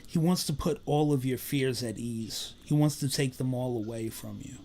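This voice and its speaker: A man working as a psychic medium, giving an earnest live-stream spirit reading and relaying messages with repetitive, animated bursts. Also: mid-range voice, normal speed.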